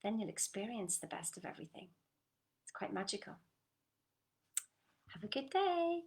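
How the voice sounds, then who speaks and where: A woman coaching listeners on a group call in an earnest, coaxing manner, often dropping to a soft whisper and checking in with short questions. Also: mid-range voice, big pitch swings, normal speed. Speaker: motivational coach. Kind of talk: motivational talk on a group call.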